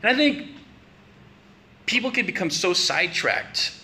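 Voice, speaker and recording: A man's voice: sits high, very animated, unhurried, pushed and bright. A man preaching a conversational sermon, building to emphatic questions.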